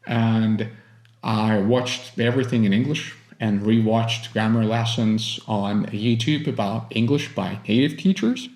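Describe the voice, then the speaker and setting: Slow, earnest Russian-born man with an American accent. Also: mid-range voice, a little mellow, roomy sound. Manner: earnest, encouraging, deliberate phrasing. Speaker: English teacher. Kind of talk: motivational teaching monologue.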